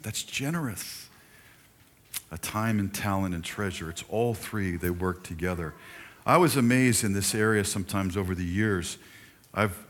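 Deep-voiced older man preaching a sermon. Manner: conversational preaching with warm asides to the congregation. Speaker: pastor. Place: church sanctuary.

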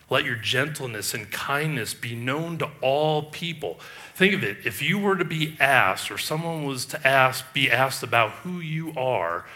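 A man's voice: medium pitch, pushed and bright. A male pastor delivering a sermon, emphatic and full of rhetorical questions, often restarting his sentences.

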